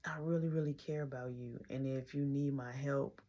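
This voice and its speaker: A woman voicing a caring young woman on the phone, speaking low and hushed. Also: fairly even intonation, moderate pace, muffled recording. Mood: earnest.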